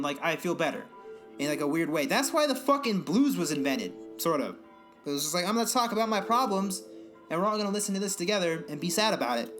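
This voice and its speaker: A young man co-hosting a podcast, ranting casually with lots of swearing and mocking impressions of other people. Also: on the high side. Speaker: podcast co-host. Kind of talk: casual profane rant.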